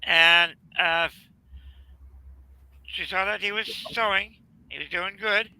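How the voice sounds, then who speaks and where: A man with a Southern US accent telling a rambling family story in casual chat, halting with fillers. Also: high-pitched, steady tone, vocal fry, pushed and bright, clean tone, no echo, low-quality recording. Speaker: channel host.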